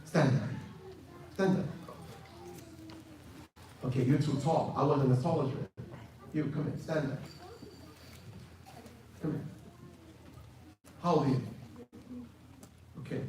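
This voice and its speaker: A man from the United States, giving an animated youth lecture that acts out dialogue and builds to shouted emphasis. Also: fairly high pitch, takes it slowly, long pauses. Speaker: preacher. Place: large hall with audience. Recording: distant, echoey hall with faint noise.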